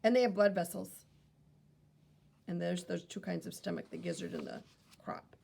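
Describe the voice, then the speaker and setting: A woman's voice: on the low side, normal speed, vocal fry, mellow, husky. A woman teacher reading a picture book aloud to children, wondering aloud and explaining as she goes.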